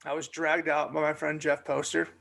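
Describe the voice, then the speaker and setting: A young man spins an animated story on a casual podcast. His voice sits a little high, and it has a gravelly fry. He leans on fillers and restarts as he talks. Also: normal speed. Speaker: podcast co-host.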